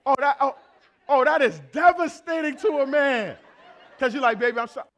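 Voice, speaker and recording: A man's voice: extremely high pitch, expressive, normal speed, a bit bright, a faint crowd. A man in his thirties preaching a sermon, blunt and playful, talking straight to the congregation.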